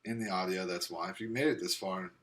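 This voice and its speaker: A young man chats casually as a podcast co-host. His voice sits fairly low but has a bright edge. He rambles with many fillers, and his slight speech impediment makes him repeat words. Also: fast, a little hiss or hum. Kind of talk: casual chat.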